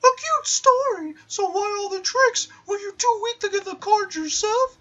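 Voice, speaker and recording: A man voicing a sassy young female student in a shrill, taunting falsetto. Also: lively intonation, a little slow, bright, forceful tone, lo-fi sound, faint music behind, exaggerated voice.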